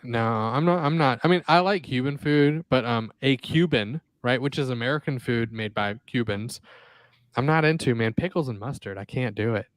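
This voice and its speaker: A man's voice: medium pitch, no room sound. A man co-hosting a podcast in casual banter, rambling and profane, on a close mic. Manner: profane, rambling, quick asides. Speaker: podcast co-host.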